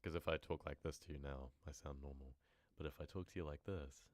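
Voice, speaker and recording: A man's voice: a bass voice, a little fast, no room sound. A man chatting casually and joking on a live stream. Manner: joking, self-amused, chatty. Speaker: horror story narrator on a live stream.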